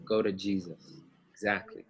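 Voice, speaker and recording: A man's voice: low-pitched, little pitch movement, moderate pace, vocal fry, husky, lo-fi sound. A man teaching a Bible lesson to children, asking them questions and acting out the story's voices. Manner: acts out story voices, asks kids questions.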